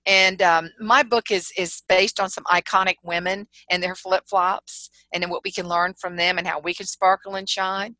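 A middle-aged woman with a Southern accent from South Carolina, a humorist guest telling lively stories in a casual interview and laughing often. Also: fairly low pitch, normal speed, hardly any pauses, dry recording, low-quality recording. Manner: storytelling, animated, laughs often.

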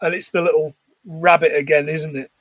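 Chatty man, high voice. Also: little pitch movement, a little fast, fairly bright tone, no echo. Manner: chatty, acts out film lines in put-on voices. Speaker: podcast co-host. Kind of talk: casual chat recapping a film.

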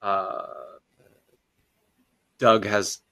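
A male player who describes his moves slowly and plainly. His voice sits low and his pace is unhurried. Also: flat delivery, fairly bright tone, clear, resonant tone.

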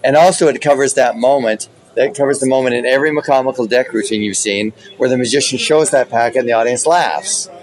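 A man's voice: mid-range voice, quick pace, hardly any pauses, low-quality recording. A man who works as a magician, telling stories in a casual podcast interview and acting out his own stage patter as he goes. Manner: animated, acts out his stage patter in retelling.

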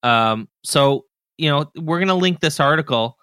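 A man hosting a podcast, talking casually and relaxed, often trailing off and restarting his sentences. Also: a little high, moderate pace, clear, resonant tone, dry recording, studio quality. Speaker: podcast host.

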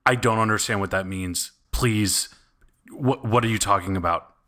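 Shaken agent keeping calm, played by a man, pleading, bright tone. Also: lowish voice, normal speed. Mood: tense, calm. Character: panicked agent trying to stay calm, adult man.

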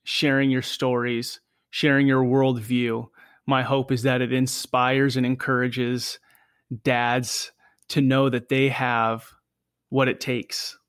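A man's voice: mid-range voice, flat delivery, slow pace, fairly bright tone, smooth, dry recording, clean studio sound. A man hosting a podcast, thanking his guest gratefully and often repeating his words. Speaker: podcast host. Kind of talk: podcast interview closing remarks.

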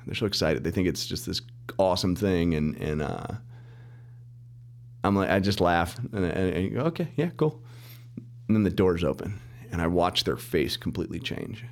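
A middle-aged man, a mortgage lender, telling his story as a podcast guest in an animated way, acting out the dialogue and laughing as he goes. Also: low-pitched, normal speed, creaky. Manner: animated storyteller, acts out quoted dialogue, restarts and laughs often. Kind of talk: casual storytelling interview.

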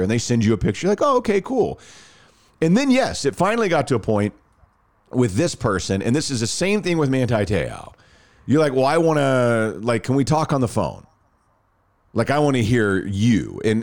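A man in his thirties casually telling a personal story on a podcast, acting out the dialogue. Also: medium pitch. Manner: animated, acts out quoted dialogue.

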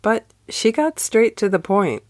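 A woman hosting a devotional show, giving a slow, expressive scripted narration. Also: medium pitch, dry recording. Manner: slow, expressive storytelling read. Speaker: devotional podcast host.

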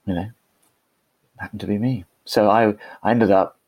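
A man speaks as a podcast guest, spinning a personal tale in a loose, self-deprecating way, stumbling over restarts as he goes. His voice sits low and a little husky. The sound is dry and close to the mic. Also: fairly even intonation, normal speed, dry recording, muffled recording. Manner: chatty, self-deprecating, with frequent restarts and laughs. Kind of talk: conversational storytelling.

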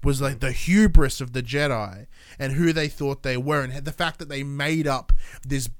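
A man's voice: medium pitch, moderate pace, dry recording, studio quality. A man in casual chat, rambling and opinionated, often restarting his sentences and swearing casually.

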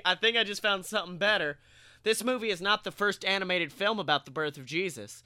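A man co-hosting a comedy podcast in casual banter, animated and swearing, often laughing through his own jokes. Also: high-pitched, smooth, no echo, studio quality. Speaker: podcast co-host.

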